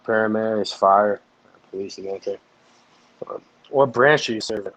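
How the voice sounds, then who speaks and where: A man's voice: on the low side, moderate pace, fairly bright tone, no room sound, rough recording. A man in a casual chat, telling stories loosely with constant swearing and filler words. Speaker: chat partner.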